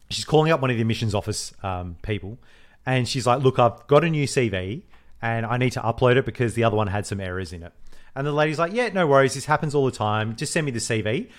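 A man, co-hosting a podcast and telling a story in casual chat, animated, swearing freely and acting out the voices he quotes. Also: fairly low pitch. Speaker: podcast co-host.

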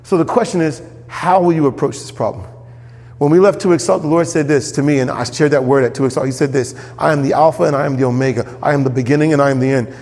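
A man preaching a sermon as pastor, animated, jumping up in pitch when he voices quoted characters. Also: fast, long reverb tail.

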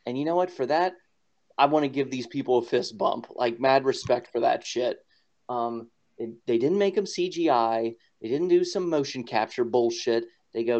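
Over dull lo-fi podcast audio, a male co-host with a medium pitch and darkish tone talks at normal speed. He rambles through a casual chat, laughing often and using lots of fillers.

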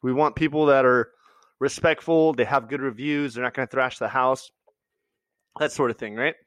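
A man's voice: mid-range voice, fairly even intonation, normal speed, dry recording. A man telling a story in casual chat, swearing and acting out the people he quotes.

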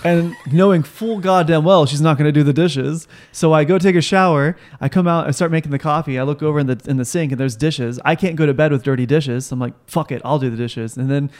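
Exasperated man, fairly high voice. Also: fast, hardly any pauses, darkish tone. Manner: exasperated, swears a lot. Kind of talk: casual chat.

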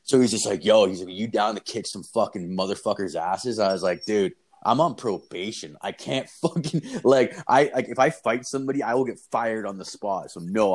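A man's voice: fairly low pitch, a little mellow. A young man in his twenties on a podcast, telling a rambling, profanity-heavy story with lots of filler words. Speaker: podcast co-host. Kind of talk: casual storytelling chat.

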